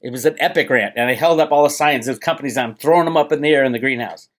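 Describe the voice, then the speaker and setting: A man ranting angrily at his audience, swearing freely and dripping with sarcasm. His voice sits at an ordinary middle pitch as he vents about critics. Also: fast. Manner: agitated, profane, sarcastic, ranting. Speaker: crypto commentator and channel host. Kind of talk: heated solo rant to camera.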